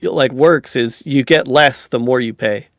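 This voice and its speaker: A man co-hosting a casual gaming podcast, joking in a dry, facetious deadpan. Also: medium pitch, measured pace, dry recording. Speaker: podcast co-host. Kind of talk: casual chat.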